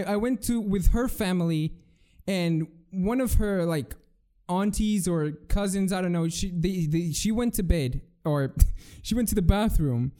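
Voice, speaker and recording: A young man with a high-pitched, mellow voice hosts a solo podcast. In a casual rant he tells rambling, profane stories, restarting himself many times.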